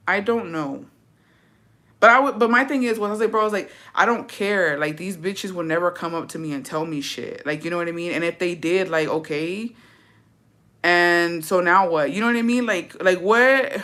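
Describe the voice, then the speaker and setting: A woman's voice: lowish voice, fairly bright tone. A woman in her twenties telling a story in casual vlog chat, swearing freely and slipping in Spanish phrases. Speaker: vlogger.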